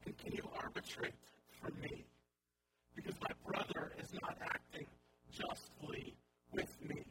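A man's voice: a little slow, distant mic, lightly acted. A preacher voicing a pleading man from the crowd. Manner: urgent, insistent pleading. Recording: audible hum and background noise.

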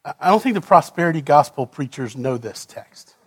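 A man preaching a sermon as a pastor, voicing scripture dramatically, moving from loud pleading questions to quiet low readings. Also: animated, a little fast, breathy edge.

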